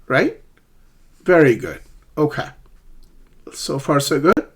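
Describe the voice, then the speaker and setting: A man teaches how to pronounce English words, slow and deliberate, leaning hard on the stressed syllables. He has a medium pitch, lively intonation, and a breathy edge.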